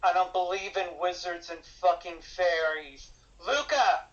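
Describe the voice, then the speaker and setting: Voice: medium pitch, level tone, a little slow, lo-fi sound. Blunt, profane tabletop game player. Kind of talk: tabletop game play, casual.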